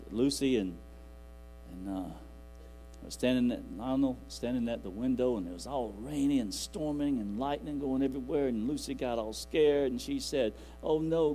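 A man's voice: medium pitch, warm tone, rough recording. Man preaching, folksy and rambling, faint music and hum behind. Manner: folksy, rambling, quotes scripture aloud. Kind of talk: sermon.

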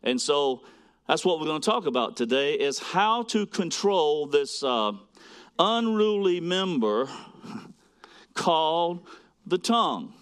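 A man preaching a sermon, swinging between loud, emphatic lines and quiet, hushed asides as he reads scripture to a congregation. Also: on the high side, very animated, takes it slowly. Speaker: pastor.

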